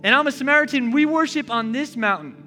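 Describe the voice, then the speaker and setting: A flustered, defensive woman who talks in casual slang, as a male preacher puts her on. The voice is high and bright. It comes as a brief aside in a sermon. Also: fast talker, soft background music.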